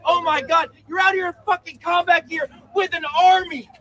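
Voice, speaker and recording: A man at a street protest, shouting profane, taunting insults at officers. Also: very high voice, steady tone, normal speed, poor audio. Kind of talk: shouted confrontation. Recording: loud crowd outdoors. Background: loud crowd.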